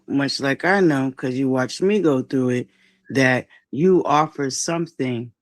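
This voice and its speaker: Male livestream guest, earnest and preacherly, mid pitch, dry close sound. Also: no echo. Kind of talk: encouraging livestream talk.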